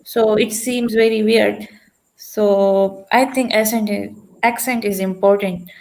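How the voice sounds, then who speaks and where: Woman class participant, halting answer, many pauses and fillers. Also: mid-range voice, steady tone, a little mellow, rough recording. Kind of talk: answering in an online conversation class.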